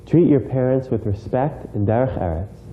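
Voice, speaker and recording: A man's voice: medium pitch, animated, moderate pace. A man earnestly reciting a short prepared message. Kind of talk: read-out message. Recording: tinny phone-like sound with faint noise.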